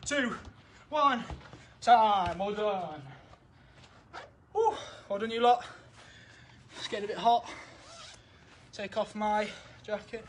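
A high-voiced young man runs a football session outdoors in a garden. He sounds winded, keeps up steady encouragement and counts each drill down. The camera mic picks up a faint hum of the outdoors. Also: slow pace, long pauses. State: out of breath. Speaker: football coach.

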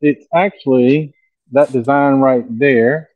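A man working as an airbrush artist, explaining a design slowly and casually while he paints, with many pauses and ums. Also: medium pitch, fairly even intonation, no echo, phone-quality sound. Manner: slow, easygoing, lots of ums.

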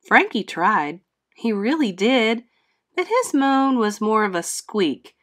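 A woman reading a children's storybook aloud in a slow, expressive, teacherly way. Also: mid-range voice. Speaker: read-aloud host.

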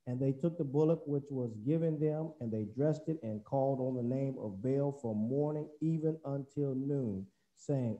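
Mellow-voiced male preacher. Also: medium pitch, normal speed, hardly any pauses, highs cut off. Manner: conversational, folksy asides, restarts while explaining. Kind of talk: sermon with scripture reading.

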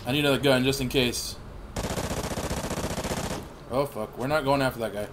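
A man in his thirties giving rambling, profane gameplay commentary with sudden excited outbursts. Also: mid-range voice, moderate pace, background noise. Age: 30s. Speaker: gaming channel host.

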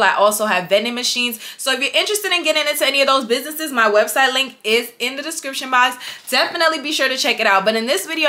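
A woman's voice: fairly high pitch, pushed and bright. A young woman vlogging to her viewers, emphatic and repetitive, calling them y'all as she urges them on. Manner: emphatic, repeats herself, addresses viewers as y'all. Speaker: vlogger, business owner. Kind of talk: motivational vlog talk.

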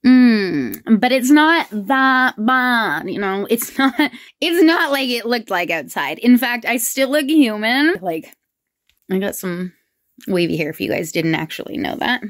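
A woman's voice: fairly high pitch, big pitch swings, no room sound. A woman chatting casually to camera in a vlog, joking about herself and laughing easily. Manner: chatty, self-mocking, quick to laugh. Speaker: vlogger.

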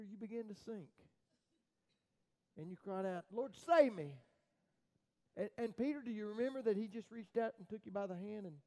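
A man with a high voice for his sex preaches a sermon as pastor. He tells the story dramatically, stumbling into repeated restarts, and his voice rises to loud cries before dropping to near-whispers. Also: low-quality recording.

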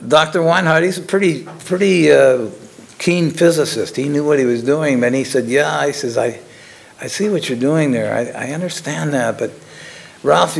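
An older man, a former lab technician, telling his story in a casual, halting way with frequent chuckles. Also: mid-range voice, vocal fry.

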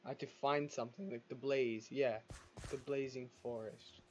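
A man's voice: mid-range voice, fairly even intonation, moderate pace, dull audio. A man giving casual gameplay commentary, chatty, talking back to the game's creatures and laughing now and then. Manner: chatty, talks to the game's mobs, exclaims and laughs.

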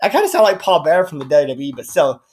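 A man's voice: on the high side, animated, fast, a little mellow. A man, a YouTuber, ranting in a vlog, cursing and sarcastic, rambling with restarts. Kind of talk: profane angry rant vlog.

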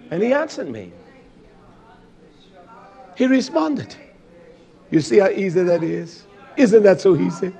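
A man with a high voice delivers a sermon from his seat. He repeats his phrases in a call-and-response rhythm. His delivery swings from loud, fervent outbursts down to low murmurs. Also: sing-song, takes it slowly, gravelly, pauses often, slightly rough. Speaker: preacher. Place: seated while preaching.

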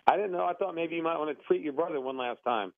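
A man taking an unexpected phone call, excitable and quick to get worked up. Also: fairly high pitch, slight background noise. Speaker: prank call target. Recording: tinny phone line.

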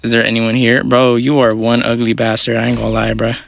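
A young man giving live gameplay commentary in quick, slangy, profane banter as a gaming YouTuber. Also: mid-range voice, completely flat delivery, creaky, slight background noise.

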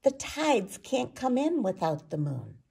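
Woman doing accusing scientists in a storybook, gravelly voice. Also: a little high, big pitch swings, unhurried, dark tone, pitched above the performer's own voice, full character voice. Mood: indignant. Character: fussy, suspicious group of astronomers.

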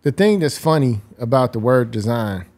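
Guest, man, 40s, articulate and reflective, mid-pitched voice. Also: lively intonation, moderate pace, a little mellow. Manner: articulate, explains ideas at length. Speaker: guest designer. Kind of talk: reflective interview talk.

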